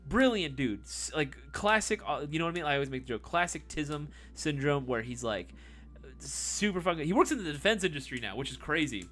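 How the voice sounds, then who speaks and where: A young man hosting a live stream, telling a long story casually with lots of swearing and sudden swings from loud to low. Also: brisk, faint music behind. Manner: animated, profane, swings between loud and low.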